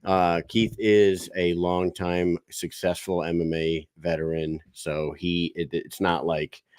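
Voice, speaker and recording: A man's voice: sits low, little pitch movement, takes it slowly, a little mellow, smooth, no echo, clean studio sound. A man co-hosting a casual chat show, hyping up guests and swearing casually. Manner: hyped, swears casually when introducing guests. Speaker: podcast co-host.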